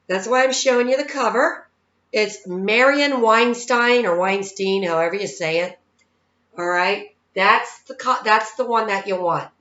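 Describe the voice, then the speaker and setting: A woman's voice: medium pitch, sharp tone. A woman psychic medium giving casual spiritual advice in a folksy, chatty way, often checking in with her listeners. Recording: echoey room, dull lo-fi sound.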